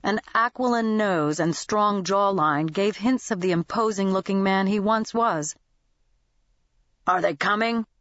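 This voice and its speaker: A woman narrating a novel as an audiobook reader, in even, scripted storytelling. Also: medium pitch, measured pace, hardly any pauses, dry recording, muffled recording.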